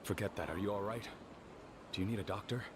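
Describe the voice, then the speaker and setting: A man voicing a terse, low-voiced fighter. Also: fast talker, natural voice. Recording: game audio with background noise.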